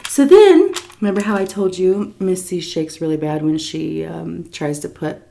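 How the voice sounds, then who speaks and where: A woman in her thirties telling a story in a chatty, animated way, with lots of fillers, while eating on camera. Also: deep voice, moderate pace, gravelly, slight background noise. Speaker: vlogger.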